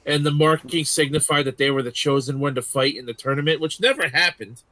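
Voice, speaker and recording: Man, podcast host, swears a lot, slightly high voice, dry close sound. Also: brisk, no room sound. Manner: profane, animated retelling of scenes. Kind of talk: casual group chat.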